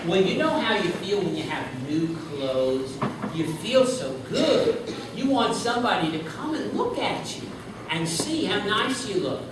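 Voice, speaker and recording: Brief: children's storyteller man, animated and slow-paced, heard from afar in an echoing room with guitar music. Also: sits high, recorded from a distance, noisy background. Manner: lively, coaxing, asks the kids questions. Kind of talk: bilingual storytelling and sing-along for children.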